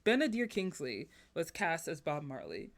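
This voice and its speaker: A woman's voice: low voice, very animated, normal speed, background noise. A woman film critic, a guest on a podcast, giving passionate, emphatic opinions in casual chat.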